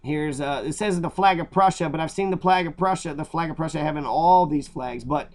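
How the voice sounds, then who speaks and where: A man's voice: fairly high pitch, a little fast. A man giving casual, rambling commentary over a slideshow of family photos, often checking in with "right?" and wandering into opinions. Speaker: family history slideshow narrator.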